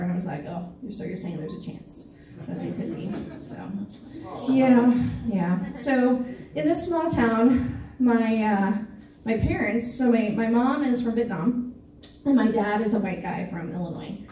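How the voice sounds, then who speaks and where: A woman from Missouri doing a stand-up comedy set on a club stage, with a dry, self-deprecating delivery full of pauses and fillers. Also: medium pitch, mellow. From Missouri, USA. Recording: echoey club room, mic from a distance, faint ambience.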